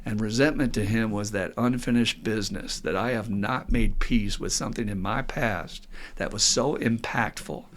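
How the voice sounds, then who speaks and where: A middle-aged man, hosting a podcast as an addiction counselor and telling stories in a lively way. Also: on the low side, moderate pace, few pauses, a little hiss or hum. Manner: lively storyteller who acts out quotes with laughs. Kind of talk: casual podcast monologue.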